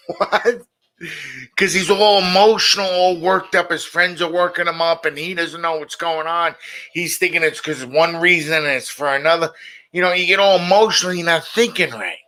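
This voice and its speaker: A man's voice: a little high, fairly even intonation, moderate pace, sharp tone, soft background music. A middle-aged man hosting a casual monologue show, blunt and opinionated, often repeating his points. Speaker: show host.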